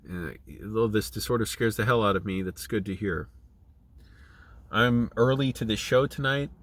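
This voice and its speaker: Choked-up man, halting, lowish voice. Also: fairly bright tone. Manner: halting and emotional, many restarts and fillers. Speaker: channel creative director. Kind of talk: personal video diary.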